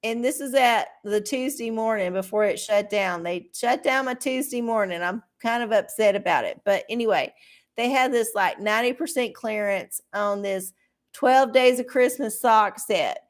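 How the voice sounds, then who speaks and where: A woman's voice: fairly high pitch, moderate pace. Blunt, profane woman rambling on a livestream. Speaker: livestream host doing oracle readings. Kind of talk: casual rambling livestream chat.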